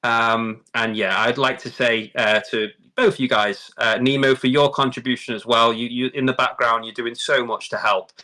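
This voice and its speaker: Man, stream host, bright voice, effusive, stammers and repeats words. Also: mid-range voice, steady tone, moderate pace, hardly any pauses. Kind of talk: casual livestream chat.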